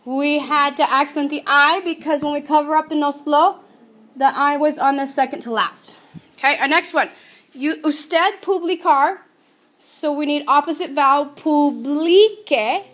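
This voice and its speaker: High-voiced woman teaching grammar. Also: steady tone, fairly bright tone. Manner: chatty, patient explaining, drawing out example words slowly. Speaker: Spanish teacher. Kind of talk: recorded classroom grammar lesson.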